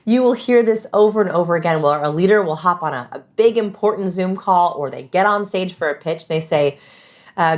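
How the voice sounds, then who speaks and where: A woman guest giving animated, emphatic interview answers about communication, acting out example phrases. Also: on the low side, fairly quick.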